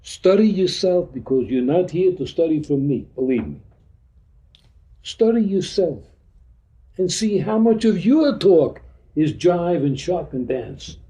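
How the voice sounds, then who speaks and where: Male teacher, dark mellow tone, blunt slangy delivery, pitched a bit high. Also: big pitch swings, measured pace. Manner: blunt streetwise slang, acts out dialogues. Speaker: spiritual teacher. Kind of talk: informal teaching talk to a group. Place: meeting room.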